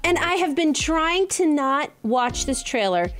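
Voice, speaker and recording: A woman's voice: high-pitched, measured pace. Young woman from the us gushing in casual chat, voice jumping around a lot, a little music faint behind. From United States. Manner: gushing, excitable. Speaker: co-host.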